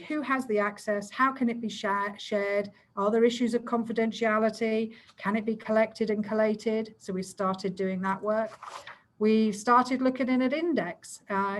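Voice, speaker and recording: A woman presenting a community safety plan to a council over a video call, talking quickly and explaining to fit her time. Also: medium pitch, poor audio.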